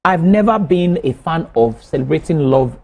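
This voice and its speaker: Husky, emphatic male TV panelist. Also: a little high, normal speed. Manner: emphatic, animated, repeats himself to hold the floor. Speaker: panelist on a talk show. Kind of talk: studio panel discussion. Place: TV studio.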